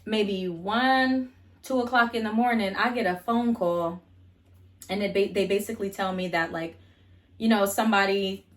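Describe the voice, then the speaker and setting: A young adult woman vlogger telling a casual storytime, blunt and profane, chatty with lots of fillers. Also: mid-range voice.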